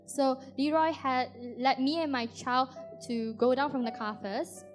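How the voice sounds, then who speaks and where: A woman's voice: high voice, a little slow, faint music behind. A woman interpreting a couple's talk live, sometimes restarting and correcting herself. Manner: restarts and self-corrections while translating.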